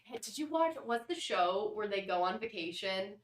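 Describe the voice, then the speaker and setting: A woman's voice: mid-range voice, animated, normal speed, roomy sound. A young woman co-hosting a casual chat, talking in a chatty, opinionated way with lots of "like". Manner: chatty, opinionated, uses "like" a lot. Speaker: podcast co-host.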